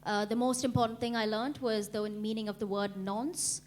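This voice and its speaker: A young woman from India performing a stand-up comedy set, deadpan and laughing at her own jokes. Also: medium pitch, normal speed, a little hiss or hum. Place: comedy club stage.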